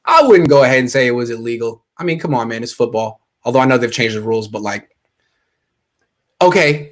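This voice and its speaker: A man's voice: medium pitch, a little fast. A young adult man from the United States hosting a casual sports chat, reading viewer comments aloud and joking. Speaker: podcast host. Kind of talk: casual live-stream chat.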